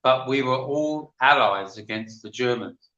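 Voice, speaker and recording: A man's voice: mid-range voice, measured pace, bright, forceful tone, roomy sound, dull audio. An older man with an English accent, telling rambling stories as a guest on a livestream panel chat. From England. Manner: chatty, rambling storyteller.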